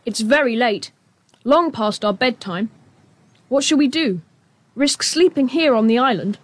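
A woman's voice: a little high, a little slow. A woman voicing Julian, a sensible boy who leads the group, in an audio drama. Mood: weary. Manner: calm, reassuring, gently teasing.

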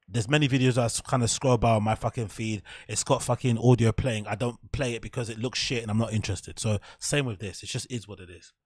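Blunt, swearing English reviewer. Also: male voice, medium pitch, fairly even intonation, brisk, hardly any pauses, husky, dry recording, clean studio sound. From England. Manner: blunt, profane, offhand. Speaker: YouTube reviewer. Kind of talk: casual commentary.

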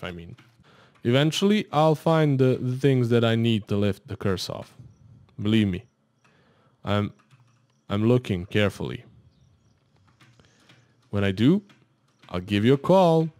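A man's voice: lowish voice, animated, a little slow, long pauses, darkish tone, dry recording. A man commentating his gameplay, rambling and joking in asides to the viewer. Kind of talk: let's-play game commentary.

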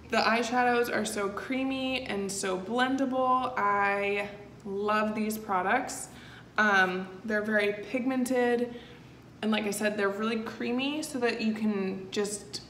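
A woman's voice: medium pitch, fairly even intonation, slow, a bit bright. A woman talking through a step-by-step tutorial in a chatty, easygoing way, with frequent fillers. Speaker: makeup tutorial host. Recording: echoey room with faint noise.

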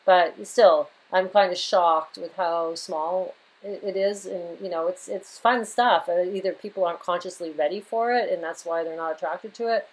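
Woman, lowish voice, rambling casual monologue, astrology channel host, lots of "right?" and "you know". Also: normal speed, few pauses, rough recording.

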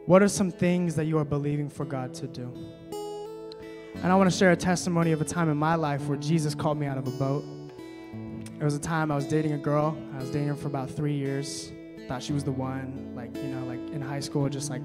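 A young man with a slightly high voice preaches to a young adults crowd. He drops to a hush for scripture, then climbs to loud emphatic exhortation, and gets chatty with lots of fillers when telling a personal story. Soft guitar plays underneath. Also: steady tone, fairly quick. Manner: casual, many fillers when telling stories. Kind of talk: sermon.

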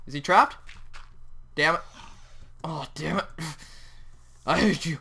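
A young man hosting a Minecraft let's play, talking excitedly over his gameplay and yelping at sudden moments. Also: on the high side, takes it slowly, creaky, long pauses, husky. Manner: excitable, yelps and shouts at the game. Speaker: gaming channel host.

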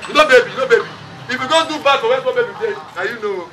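A man's voice: very high-pitched, animated, very fast. A man with a Nigerian accent preaching a funeral sermon, mixing English and Pidgin, calling on the congregation to respond. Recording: distant mic with crowd and noise.

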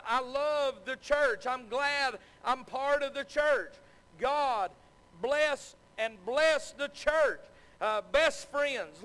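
A middle-aged man preaches in a high, ringing voice. His words come in earnest, repeated phrases punctuated by amens. The sound trails off into the long echo of a church hall. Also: bright, forceful tone, clean tone. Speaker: pastor. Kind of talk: sermon. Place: church sanctuary.

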